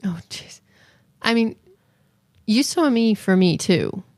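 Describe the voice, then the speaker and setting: A woman co-hosts a casual podcast chat, slipping into quick put-on voices when she quotes people. Her pitch sits in the middle range. The recording is dry and close, with no room echo. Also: lively intonation, a little mellow. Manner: chatty, acts out quoted voices. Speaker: podcast co-host.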